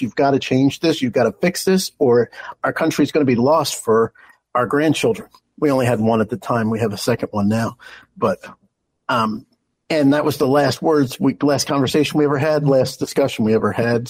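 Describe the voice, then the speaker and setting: A man's voice: mid-range voice, darkish tone, dry recording, low-quality recording. A middle-aged man from Philadelphia, a guest on a radio show, answering in an earnest way with frequent restarts. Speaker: guest, party executive director. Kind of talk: radio interview.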